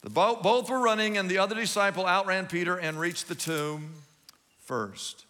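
A male pastor preaching a sermon, swinging between loud emphatic stretches and quiet asides. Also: high-pitched, normal speed. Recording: long hall reverb.

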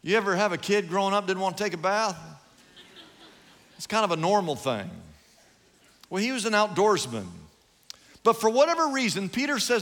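A man's voice: high-pitched, lively intonation, moderate pace, pauses often, fairly bright tone. A man pastor preaching an emphatic sermon from the stage of a large church hall. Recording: long hall reverb.

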